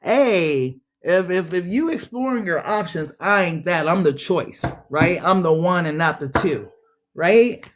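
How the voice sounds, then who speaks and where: A woman giving a casual tarot reading straight to her viewers, animated and slangy, often laughing and playing out what people say. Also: lowish voice, a little slow, background noise. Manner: animated, chatty, addresses viewers directly; frequent laughs and acted-out quotes. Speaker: tarot reader.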